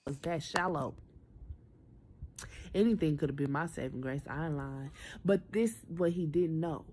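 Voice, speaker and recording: A woman's voice: deep voice, a little slow. Chatty young woman telling a story. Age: 20s. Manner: animated, chatty, addresses viewers directly. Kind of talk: casual storytime.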